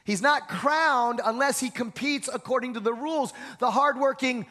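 A man preaching in a church with a notably high voice. His tone is bright and forceful, and he drives each point home with repetition. He keeps calling on the congregation to answer him. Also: moderate pace. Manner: emphatic, repeats words, asks the congregation to respond. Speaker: pastor. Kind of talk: sermon.

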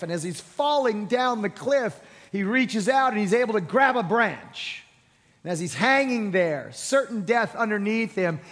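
Male lead pastor, high-pitched, storytelling sermon, long hall reverb. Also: fairly bright tone. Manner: storytelling, reads scripture slowly.

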